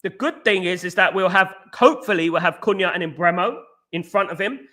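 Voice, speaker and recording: Guy hosting a live chat, high bright voice, talks super fast and buzzing, keeps tripping over his words. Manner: talks fast and excitedly, many restarts, says mate. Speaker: show host reading viewer comments.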